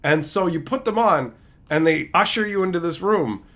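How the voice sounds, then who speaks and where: Profane ranting male streamer, wildly swinging pitch. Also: lively intonation, normal speed. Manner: profane, exasperated, escalating into shouting rants. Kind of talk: ranting storytelling to a live chat.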